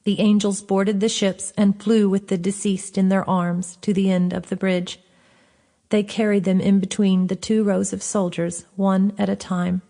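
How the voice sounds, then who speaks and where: Woman author-narrator, audiobook reading, steady and clear, mid-pitched. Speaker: author reading her own book.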